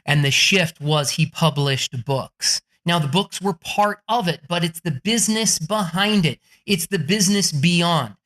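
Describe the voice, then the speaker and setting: A man who is a podcast guest and author, telling profane, excitable stories and acting out quotes in a raised voice. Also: on the high side, unhurried, few pauses. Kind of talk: animated storytelling in an interview.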